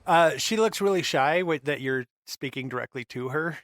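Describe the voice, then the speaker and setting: Man, game master, relaxed narration, a bit high-pitched, dry sound. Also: moderate pace, dry recording. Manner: relaxed, narrates scenes, chuckles.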